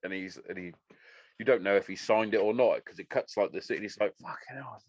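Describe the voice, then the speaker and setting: A man's voice: low-pitched, brisk, no room sound. A man hosting a podcast, swearing freely as he tells stories in casual chat. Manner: sweary, animated storytelling. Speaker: podcast host.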